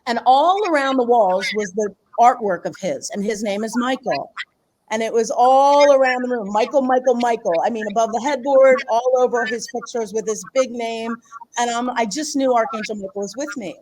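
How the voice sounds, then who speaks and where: A middle-aged woman, a guest on an interview show, tells a long personal story in a lively, rambling way. She often restarts and repeats her words and breaks into laughter. Her voice sits slightly higher than most women's. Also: normal speed. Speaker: guest author and healer.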